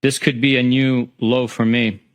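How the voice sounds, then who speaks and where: A man on the witness stand reads text messages out loud, one after another, in an even and matter-of-fact voice. His pitch sits in an ordinary middle range for a man. Now and then he pauses with a small filler before carrying on. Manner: steady, matter-of-fact reading with occasional filler. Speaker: trial witness. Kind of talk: reading text messages aloud in court testimony. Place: courtroom.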